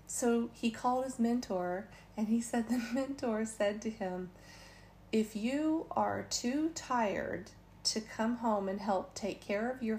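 A woman telling a travel story in casual, chatty talk, laughing now and then and quoting others in passing. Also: medium pitch. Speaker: vlogger. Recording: faint background noise.

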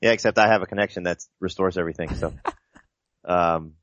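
A man co-hosts a casual sports podcast in a fairly low voice, dry and close on a slightly dull, lo-fi mic. He talks analytically, working through points in long, winding sentences. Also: brisk, a bit bright, dry recording. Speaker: podcast co-host.

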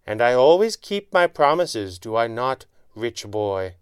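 A man's voice: mid-range voice, moderate pace, smooth, dry recording, clean studio sound, natural voice. A man voicing a sneering, gloating male villain mastermind in an audiobook reading.

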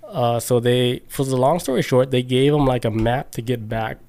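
A man's voice: medium pitch, moderate pace, darkish tone. Podcast guy telling a story, mid voice, laid back, swears a lot. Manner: loose, swears, laughs often. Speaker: podcast co-host. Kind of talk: casual chat, storytelling.

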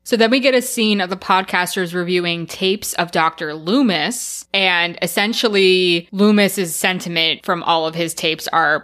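A woman's voice: lowish voice, moderate pace, few pauses. A woman co-hosting a podcast, retelling movie scenes casually and often saying "like". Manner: casual, lots of "like", animated retelling. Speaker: podcast co-host.

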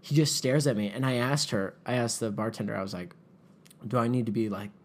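A man's voice: mid-range voice, a little fast. A man telling a story in casual chat as a podcast co-host, acting out the voices of the people in it and saying "like" a lot. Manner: animated, acts out quoted voices, frequent "like".

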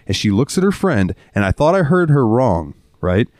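A young man with a Southern US accent, co-hosting a podcast and telling profane, animated stories from his job. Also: mid-range voice, moderate pace, no room sound, studio quality. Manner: profane, animated storyteller acting out customers. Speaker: podcast co-host. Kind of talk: casual chat, storytelling.

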